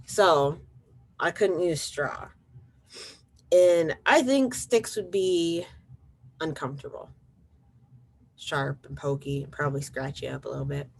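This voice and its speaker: A woman's voice: deep voice, slow pace, creaky, long pauses. A young woman teaching preschool at home, leading circle time with simple exercises and questions for small children. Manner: bright, encouraging, talks straight to small children.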